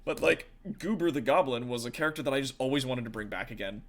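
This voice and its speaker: A man's voice: medium pitch, lively intonation, fast talker. A man, a tabletop game master and streamer, chatting casually with viewers in a rambling, profane way full of fillers.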